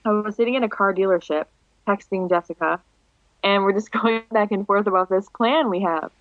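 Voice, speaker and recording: A young woman in her twenties chatting as a podcast guest, animated and quick to laugh. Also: medium pitch, no echo. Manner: giggly, animated storyteller, laughs often. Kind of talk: casual podcast chat. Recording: dull lo-fi dry sound.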